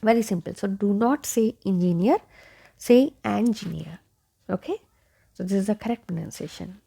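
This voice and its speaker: A woman's voice: mid-range voice, brisk, vocal fry, dark tone, husky. A woman teaching English pronunciation, repeating each word several times and checking in with 'okay?'. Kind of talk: slow pronunciation lesson.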